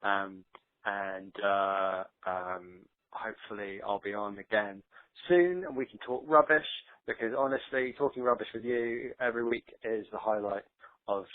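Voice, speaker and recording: A man's voice: lowish voice, no echo. Rambling man on a phone line. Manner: rambling, self-deprecating. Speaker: caller leaving a voicemail. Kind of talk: casual voicemail. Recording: tinny dry phone line.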